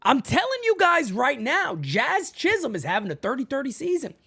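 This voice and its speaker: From her home setup, a woman runs a casual sports chat live-stream for her fan channel, excitable and chatty, constantly addressing viewers as "man" and "folks." Her voice is high-pitched with vocal fry, and she talks at a normal speed.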